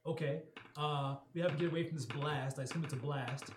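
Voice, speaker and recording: A man's voice: a little high, steady tone, a little fast, slight background noise. A man playing a tabletop game, chatty and joking, with hesitant restarts. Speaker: player. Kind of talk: casual tabletop play. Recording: echoey room.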